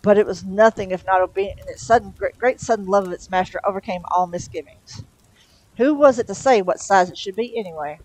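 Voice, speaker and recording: Brief: woman storyteller, mid-pitched, relaxed read with self-corrections, dry close sound. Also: a little fast, dry recording, low-quality recording. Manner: casual read with small stumbles and self-corrections. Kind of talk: reading a novel aloud.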